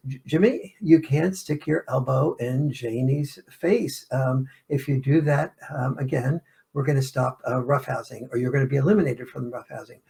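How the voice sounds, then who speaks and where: Brief: man playing a firm, coaching dad, gravelly. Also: mid-range voice, normal speed, mellow, close to an everyday voice. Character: playful father setting rules for roughhousing kids.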